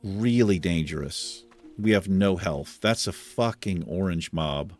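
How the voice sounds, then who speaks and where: A man's voice: deep voice, unhurried, darkish tone, faint music behind. A man hosting a video game let's play, giving laid-back commentary with casual swearing and chuckles. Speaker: host.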